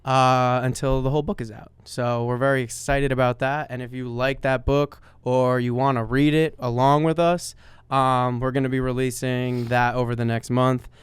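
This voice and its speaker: A man's voice: medium pitch, little pitch movement, normal speed, clean tone, no room sound. A man from Brooklyn, New York, co-hosting a podcast in casual chat, telling stories with emphasis. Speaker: podcast co-host.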